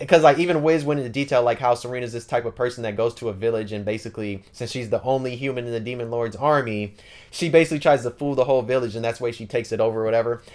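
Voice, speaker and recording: Quick, slangy male anime recapper who rambles and fills with "like". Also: medium pitch, darkish tone. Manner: rambling, slangy, lots of fillers. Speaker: anime channel host. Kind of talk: casual anime plot recap.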